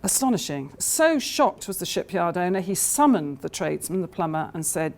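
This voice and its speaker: A woman addresses a conference audience in a fairly low voice. She talks in a storytelling way, with frequent fillers and restarts. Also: expressive, moderate pace, few pauses. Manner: anecdotal, hesitant with many fillers. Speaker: conference speaker. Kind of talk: conference talk.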